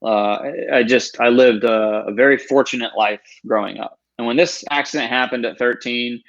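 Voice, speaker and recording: A man in his thirties, a podcast guest telling his own story in an earnest, animated way. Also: medium pitch, moderate pace, highs cut off. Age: 30s.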